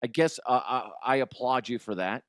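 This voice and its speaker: A man's voice: medium pitch, normal speed, no echo, clean studio sound. A man hosting a sports comedy show, ranting bluntly and cursing often. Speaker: sports comedy podcast host. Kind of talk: profane sports rant.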